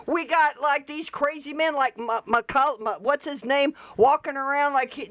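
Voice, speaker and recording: A woman's voice: a little high, animated, unhurried, fairly bright tone, dry recording. A woman hosting casual political commentary, blunt and exclamatory with folksy asides. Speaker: host.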